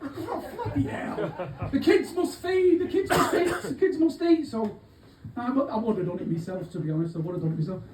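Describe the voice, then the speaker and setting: A man's voice: high voice, expressive, fast talker, a crowd in the background. Man doing a cheeky crook. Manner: rambling, cheeky, swearing, lots of asides. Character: aging small-time male Manchester thief, cheeky. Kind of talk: live stand-up character monologue. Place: pub gig venue. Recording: echoey room, distant mic, faint hubbub.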